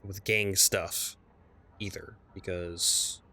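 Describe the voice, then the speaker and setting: A man's voice: sits low, fairly even intonation, drawn-out words, a little hiss or hum. A man streaming a strategy game, casually muttering and reading game text aloud as he plays. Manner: mumbling, reads game text aloud, trails off quietly. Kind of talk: casual gameplay commentary.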